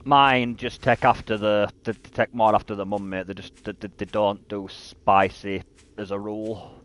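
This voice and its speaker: A man's voice: on the low side, flat delivery, normal speed, a bit bright. A British man in his thirties chatting casually while streaming a game, often stammering and repeating words as he talks.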